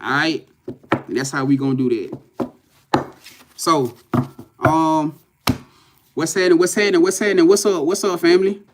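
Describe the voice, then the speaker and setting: A man's voice: a little high, fairly even intonation, a little slow, pauses often, noisy background. A man, talking loosely to livestream viewers as a spiritual reader, swearing and often saying "you know what I'm saying". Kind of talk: casual livestream talk to viewers. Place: in front of a camera at home.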